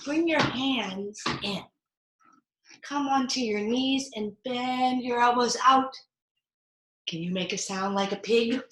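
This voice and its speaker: A woman teaching yoga to young children, reading a picture book aloud in a playful, animated way with slow, clear cues. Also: on the high side, roomy sound. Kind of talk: interactive storytelling with yoga cues for kids.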